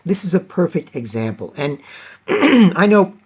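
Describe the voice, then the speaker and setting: Guy ranting on his own channel, bit high-ish voice, rambly, lo-fi muffled sound. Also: wildly swooping pitch, measured pace, a little mellow, slightly rough. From Toronto, Canada. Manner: rambling, with many fillers and restarts. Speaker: vlog host. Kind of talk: opinionated solo commentary.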